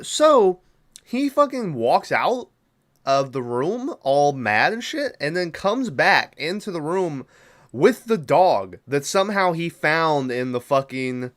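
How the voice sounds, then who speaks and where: A man's voice: a little high, sing-song, slow pace, fairly bright tone. A man hosting a podcast, recapping a movie in a rambling, profane, casual way and doubling back when he forgets things. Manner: rambling, profane, loses track and backtracks. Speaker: podcast host.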